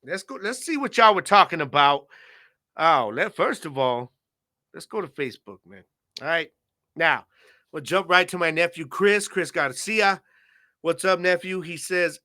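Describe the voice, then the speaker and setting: A man in his thirties hosts his own sports podcast in a loose, chatty way, dropping "man" and "you know" into almost every sentence. His voice sits a bit high and rings bright and forward. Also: animated, unhurried. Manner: laid-back, slangy, lots of "man" and "you know". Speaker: podcast host. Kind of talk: casual solo podcast talk.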